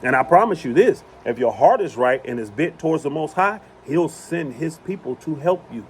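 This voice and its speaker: A man's voice: fairly high pitch, expressive, normal speed, slight background noise. A man giving an impassioned religious talk outdoors on his property, hammering points home by repeating them. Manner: emphatic, repeats phrases for emphasis. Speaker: preacher.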